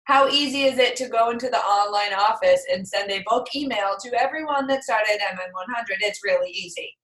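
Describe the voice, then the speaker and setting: A woman in her thirties chatting casually on a group call, telling stories with lively quoted dialogue. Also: medium pitch, a little fast, echoey room, poor audio. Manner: chatty, animated storytelling with acted quotes. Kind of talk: casual chat.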